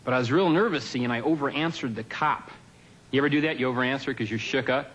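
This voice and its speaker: A male comedian works through a stand-up set on a TV studio stage. His delivery is dry and deadpan, full of offhand asides, and his pitch sits in a middle range for a man. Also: fast, noisy background.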